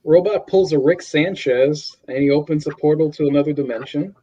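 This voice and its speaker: A man's voice: brisk, breathy edge. A man casually recapping a comic on a podcast, animatedly retelling scenes and acting out characters' lines. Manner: animated retelling, mimics characters with high strained voices. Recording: dull lo-fi recording.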